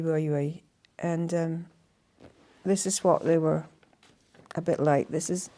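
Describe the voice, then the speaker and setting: An older woman with a Scottish accent, telling stories by the fireside in a gentle, halting way that often trails off to a hush. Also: on the low side. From Scotland. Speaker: storyteller and singer. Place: indoors in a house by a fireside.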